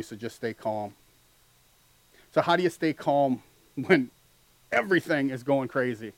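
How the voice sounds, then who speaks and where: A man preaching a sermon as pastor, earnest and building to loud animated peaks. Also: medium pitch, no room sound, low-quality recording.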